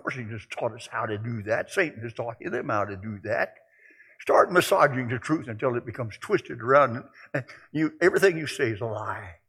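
An older man preaching a sermon, telling folksy stories and moving between quiet musing and loud exclaiming. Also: medium pitch, slightly rough. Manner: folksy storytelling.

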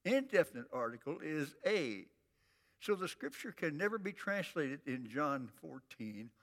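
An older man preaching a sermon in a folksy, emphatic way, drawing out repeated phrases slowly. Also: on the high side, very animated, fairly bright tone, in a large hall. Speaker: pastor.

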